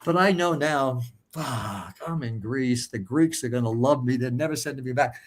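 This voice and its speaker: An older American man, a guest, vividly retelling his escape in a profane, animated way with a husky voice. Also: mid-range voice, moderate pace. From United States. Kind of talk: storytelling interview.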